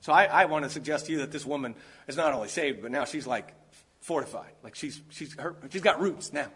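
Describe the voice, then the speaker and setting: A man's voice: on the high side, brisk, pushed and bright, breathy edge. A man preaching a sermon while sick, stressing his points by stacking and repeating key words.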